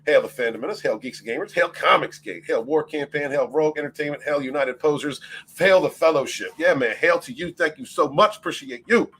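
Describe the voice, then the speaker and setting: Casting: middle-aged male streamer, bright husky voice, loose and profane, laughs a lot. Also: fairly high pitch, brisk. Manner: loose, laughing, greets chat by name, swears freely. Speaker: livestream host. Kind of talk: casual livestream chat.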